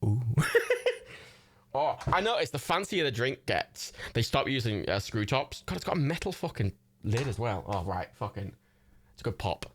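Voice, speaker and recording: A man's voice: medium pitch, sing-song, moderate pace, slight background noise. A young man chatting on a livestream, swearing a lot, rambling and laughing often. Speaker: livestream host. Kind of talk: casual chat.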